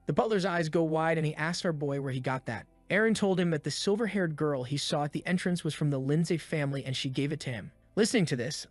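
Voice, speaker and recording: A man's voice: a little high, dry recording. A man narrating a comic story recap in a laid-back, slangy, wry way.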